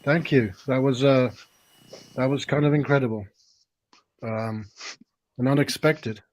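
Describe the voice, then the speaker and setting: This is an English man with a mid-pitched voice, talking as a guest in a casual stream chat. He is hesitant and dry, and he often lets his sentences trail off into quiet. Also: unhurried, lo-fi sound.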